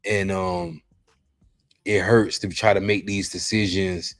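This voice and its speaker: A man hosting a podcast, talking in an emotional, halting way, worn out and near tears, often repeating himself. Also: low-pitched, steady tone, no echo. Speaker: podcast host.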